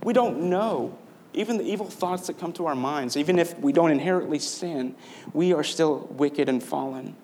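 A man's voice: a little high, moderate pace, a little mellow. A man delivering a sermon as pastor, earnest and conversational, asking his listeners rhetorical questions.

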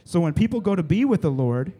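A man's voice: high voice, sing-song, fast talker, dark tone, breathy edge. Conversational male preacher. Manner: conversational, keeps checking in with the listeners. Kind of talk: casual sermon to a youth group. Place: room with a live audience.

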